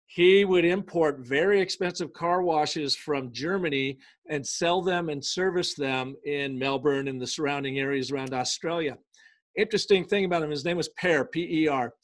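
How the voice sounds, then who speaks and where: A man with a slightly higher voice tells a story with lively, emphatic energy. He speeds up and slows down for stress, acting out the voices in his anecdote in a relaxed interview chat. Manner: energetic and emphatic, shifting between quick bursts and slow stresses; acts out quoted speech in dialogue. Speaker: business storytelling consultant, guest. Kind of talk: conversational interview, telling an anecdote.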